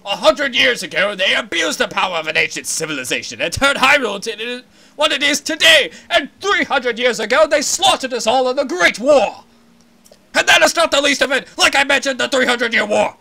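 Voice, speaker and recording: A man's voice: very high-pitched, sing-song, a little fast, creaky, sharp tone, pitched above the performer's own voice, full character voice. A man voicing a cranky old fish-man advisor in a comedic game voice-over, ranting indignantly.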